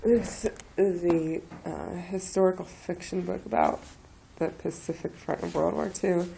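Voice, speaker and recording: A woman's voice: fairly low pitch, fairly even intonation, vocal fry, dark tone, slight background noise, rough recording. A young woman from the Philadelphia area with a southeastern Pennsylvania accent, talking casually and hesitantly while she has a cold. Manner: hesitant, halting, with many fillers. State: has a cold, a bit stuffy. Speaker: vlogger. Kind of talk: casual accent-tag video.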